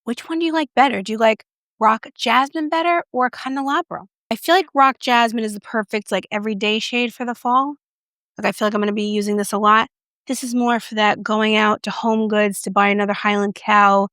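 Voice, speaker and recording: A woman's voice: on the high side, fairly even intonation, brisk, no room sound, clean studio sound. Chatty, playful woman reviewing makeup. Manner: chatty, playful self-mocking asides; drops into soft whispers. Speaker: beauty reviewer. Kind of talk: casual makeup review vlog.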